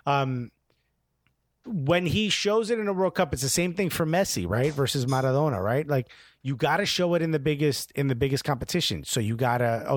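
A man's voice: a little high, no room sound, clean studio sound. A man co-hosting a casual sports talk stream, bantering and joking. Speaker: podcast co-host. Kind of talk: casual chat.

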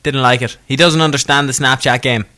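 A man's voice: mid-range voice, fairly even intonation, brisk, pushed and bright. A man co-hosting a podcast, chatting casually and telling stories with a laugh. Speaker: podcast co-host.

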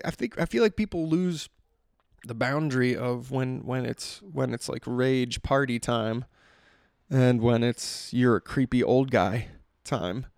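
A man's voice: mid-range voice, gravelly, darkish tone, no room sound, studio quality. A man hosting a solo podcast, rambling casually with profanity and frequent self-interruptions. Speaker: podcast host.

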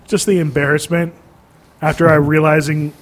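A man co-hosting a casual comedy podcast, telling stories with lively jumps in pitch. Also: normal speed. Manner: animated storytelling, jumps up in pitch when joking. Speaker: podcast co-host.

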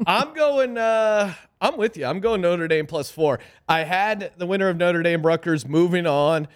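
Lively betting-show host, higher male voice, loose and jokey. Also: moderate pace, clean tone. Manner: animated, reads ads loosely and jokes. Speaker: podcast host. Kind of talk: casual sports betting chat.

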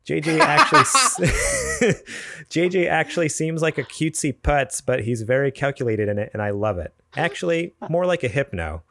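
A man's voice: a little high, huge pitch swings, moderate pace, bright, forceful tone. A young man hosting a casual podcast chat, laughing often and repeating words as he thinks.

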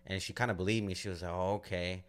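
Deep-voiced man telling stories casually. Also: fairly even intonation, very fast, fairly bright tone. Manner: loose, profane storytelling with frequent "like" fillers. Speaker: podcast co-host. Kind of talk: casual storytelling chat.

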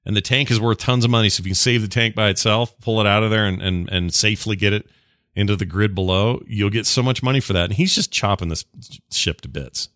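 A man's voice: lowish voice, fairly bright tone, dry recording, clean studio sound. A man co-hosting a podcast, chatting casually and enthusiastically about a video game. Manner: enthusiastic, rambling, quick asides. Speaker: podcast co-host.

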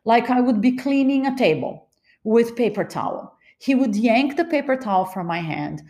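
A woman's voice: a little high, expressive, normal speed, warm tone, reverberant. A woman from Los Angeles hosting a podcast, telling a personal story in a candid, wry, confiding way. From Los Angeles, California. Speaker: podcast host.

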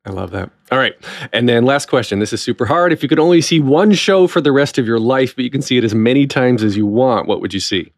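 A man's voice: medium pitch, lively intonation, fast, no echo, studio quality. A man hosting a theater podcast, talking in a chatty and enthusiastic way. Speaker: podcast host. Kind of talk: casual interview chat.

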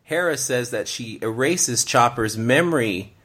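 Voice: mid-range voice, measured pace, husky. A co-host in a casual fan discussion, asking playful questions. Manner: animated, asks playful questions. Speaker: podcast co-host.

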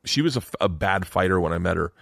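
A man's voice: low voice, animated, fast talker, vocal fry, fairly bright tone, no room sound, clean studio sound. A middle-aged man, a comedian guest, telling rambling, profane stories in casual podcast chat. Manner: rambling storyteller, swears freely.

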